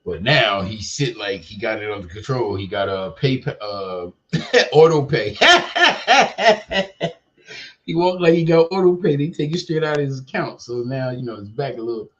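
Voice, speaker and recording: An older podcast host rambles loosely in a casual livestream chat, slangy and full of profanity and "you know what I mean." His mid-range voice is expressive at normal speed, and the sound is lo-fi.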